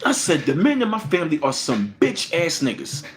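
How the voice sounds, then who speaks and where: This livestream host delivers an angry, profane tirade full of repetition, veering from loud blasts to quiet grumbles. He talks fairly fast with huge pitch swings, and there's slight hiss or hum in the audio.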